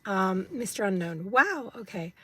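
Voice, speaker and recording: A woman's voice: medium pitch, animated, measured pace, husky, no echo. A woman in her fifties with an English accent, chatting casually to viewers on a phone live stream from inside a parked car, rambling with many fillers. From United States. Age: 50s.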